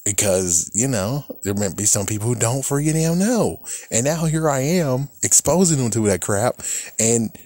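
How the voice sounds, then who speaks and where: A man's voice: medium pitch, expressive, moderate pace, a little mellow, dry recording, clean studio sound. A man on a YouTube channel, talking in a casual, rambling rant, frustrated and swearing often. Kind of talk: casual ranting vlog.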